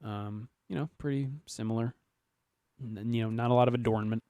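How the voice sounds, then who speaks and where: A man chatting casually about trip photos, with a relaxed manner and many fillers. His voice is medium-pitched and recorded dry and close, with no room sound. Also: smooth, no echo. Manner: relaxed, halting with fillers and soft trailing lines. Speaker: traveler sharing trip photos. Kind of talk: casual chat.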